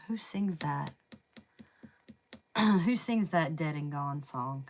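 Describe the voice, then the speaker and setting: A woman's voice: low-pitched, lively intonation, slow pace, long pauses. A woman with a Southern US accent giving a casual tarot reading, chatty and thinking aloud, saying "y'all" and "man". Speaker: tarot reader.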